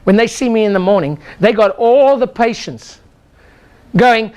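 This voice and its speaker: A man's voice: sits high, unhurried, darkish tone, smooth. An older man, a chiropractor, giving an exclamatory motivational seminar talk and leading the audience in call-and-response chants. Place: lecture room with a live audience.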